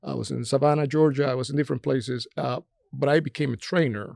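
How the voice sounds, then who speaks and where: A middle-aged man from Puerto Rico with a Puerto Rican Spanish accent and Spanish as his first language, telling stories as an interview guest, animated with many hesitant fillers. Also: medium pitch, fast, creaky, no echo, studio quality. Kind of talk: casual interview conversation.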